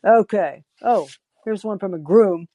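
A woman's voice: mid-range voice, a little slow, warm tone, a little hiss or hum. Chatty woman podcast host. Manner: chatty, wry, self-interrupting. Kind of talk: storytelling and call-in chat.

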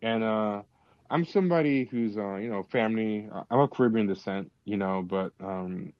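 A man's voice: lowish voice, normal speed, no echo, highs cut off. A man hosting a call-in podcast, chatting in an opinionated way with frequent fillers and restarts, speaking into a tablet mic. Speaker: podcast host. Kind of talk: casual chat.

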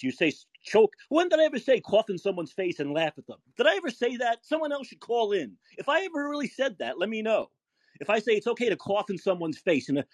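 A man hosting a call-in podcast, arguing heatedly with a caller. He talks in a combative, repetitive way and yells. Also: high voice, no room sound. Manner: yelling, combative, repeats himself. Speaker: podcast host.

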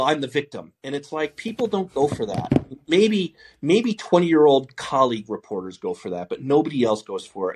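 Husky blunt man ranting on a podcast. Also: medium pitch. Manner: laughs often mid-sentence. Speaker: podcast host. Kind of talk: casual podcast talk.

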